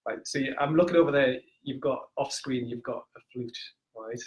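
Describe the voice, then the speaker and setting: A man's voice: mid-range voice, moderate pace. A man with a non-native English accent hosting a casual chat on a video call, often hesitating and repeating words. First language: not English. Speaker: host.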